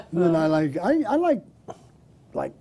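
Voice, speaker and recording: A man's voice: high voice, vocal fry, mellow, breathy edge. An older man, a comedian guest telling jokes in a chat show, often laughing at his own punchlines.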